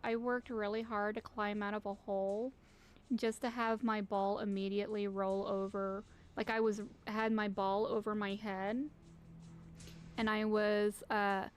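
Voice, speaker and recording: This woman tells a rambling tale about her game and keeps restarting her sentences. Her voice stays flat and even. Faint music plays in the background. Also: medium pitch. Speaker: streamer. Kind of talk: casual gaming chat.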